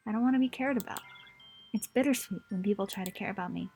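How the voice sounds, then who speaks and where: A young woman voicing a sad, self-blaming teenage girl, reading game dialogue aloud in a soft, halting way. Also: mid-range voice, soft background music, close to an everyday voice.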